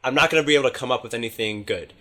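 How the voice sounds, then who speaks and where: Bright, animated male podcaster; swears freely, casual storyteller. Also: mid-range voice, very fast. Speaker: dating coach.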